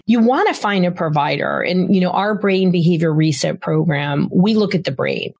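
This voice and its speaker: A middle-aged woman, a doctor and host, giving casual parenting advice with emphatic repeated words for stress. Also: low-pitched. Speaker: podcast host and child behavior doctor.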